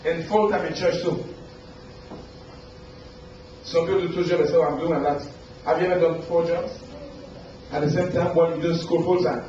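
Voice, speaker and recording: A man preaching a motivational sermon, asking his listeners questions and acting out the people he quotes in a high voice. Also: flat delivery, moderate pace, long pauses, warm tone, slight background noise. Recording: roomy, dull recording from far off.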